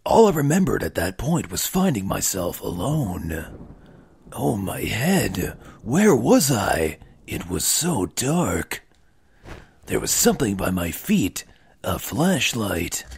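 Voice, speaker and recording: A man voicing a dazed male game protagonist, reading his grim recollections slowly. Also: on the low side, sing-song, vocal fry, slightly rough, pitched below the performer's own voice, exaggerated voice. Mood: brooding. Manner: slow brooding read-aloud. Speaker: reading game narration aloud.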